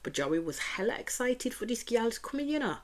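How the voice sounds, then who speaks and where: A woman's voice: fairly high pitch, sing-song, fairly quick. A woman with a Birmingham accent giving a chatty, opinionated reaction review of a reality show, often repeating stock phrases.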